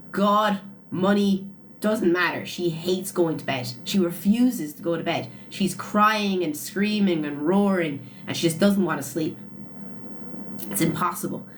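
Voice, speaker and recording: A woman's voice: lowish voice, a little hiss or hum. A young woman tells a story to her live chat on a phone. She talks casually and with animation, laughs often, and ends many sentences with "like". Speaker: livestreamer.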